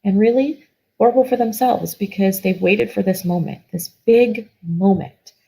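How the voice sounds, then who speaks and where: Earnest husky-voiced woman guest. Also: medium pitch, moderate pace, dark tone, poor audio. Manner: earnest, emotional, frequent restarts. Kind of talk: personal story in conversation.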